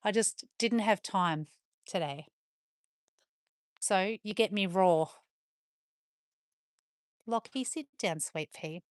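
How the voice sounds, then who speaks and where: An Australian woman chats on a live stream from her farm, her voice dry and close with little room sound. She moves between easygoing talk with her viewers and quick calls to her dogs, in a middle-pitched, everyday voice. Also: no room sound. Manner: chatty, talks to her dogs and viewers in turn. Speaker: livestreamer on a farm. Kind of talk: casual live-stream chat.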